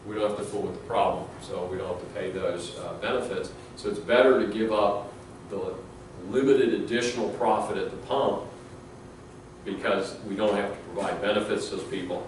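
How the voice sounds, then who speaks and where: A middle-aged law professor with a lowish voice gives a chatty classroom lecture packed with anecdotes, fillers and restarts. He is recorded from far away in a large, echoey classroom, with faint hiss in the background.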